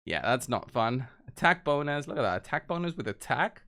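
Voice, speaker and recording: A man's voice: medium pitch, big pitch swings, a little fast, bright, forceful tone. A man giving casual gameplay commentary, walking viewers through each move step by step. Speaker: game video creator.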